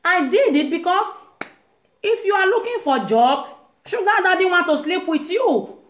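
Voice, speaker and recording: Emphatic high-voiced Nigerian woman. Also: big pitch swings, normal speed, reverberant, a little hiss or hum. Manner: emphatic, acts out quoted voices, Nigerian Pidgin-tinged English. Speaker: online show host. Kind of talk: impassioned monologue. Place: room in a private house.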